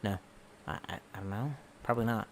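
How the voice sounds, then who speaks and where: Over slight background noise, a young man from the Washington DC metro area speaks briskly in a lowish voice. He casually reads chat messages aloud on a live stream, profane and sarcastic, getting drunk as he goes.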